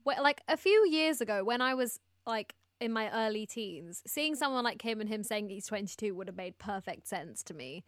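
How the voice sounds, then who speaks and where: A woman's voice: mid-range voice, expressive, normal speed, few pauses, dry recording, studio quality. A nineteen-year-old woman co-hosting a casual podcast, playful and joking. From United Kingdom. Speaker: podcast co-host. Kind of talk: casual chat.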